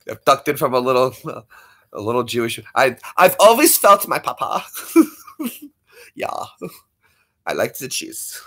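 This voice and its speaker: Man, 30s, casual storyteller, joking, laughs a lot, bright tone, lively pitch. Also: slow pace, long pauses. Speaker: livestream co-host.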